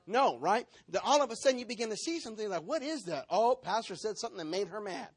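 A male pastor preaching a sermon in an animated way, stepping into role-play to act out members of his congregation. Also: sits high, fast talker, husky, no room sound.

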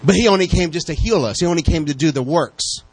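A man preaching a sermon, talking straight to his congregation and bouncing between calm teaching and excited bursts. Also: quick pace, husky, no echo, rough recording. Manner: lively, talks to the congregation directly; pitch jumps up high when excited.

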